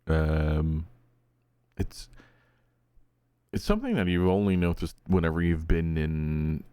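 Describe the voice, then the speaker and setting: Deep slow-spoken Norwegian game master. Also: male voice, lively intonation, mellow, clean tone, no room sound, clean studio sound. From Norway. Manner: hesitant, with many fillers and restarts. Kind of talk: running a tabletop game.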